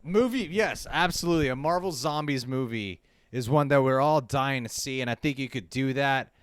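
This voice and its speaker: A man's voice: medium pitch, normal speed, smooth, no echo. A man co-hosting a casual livestream chat, who laughs a lot and swears freely. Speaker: co-host.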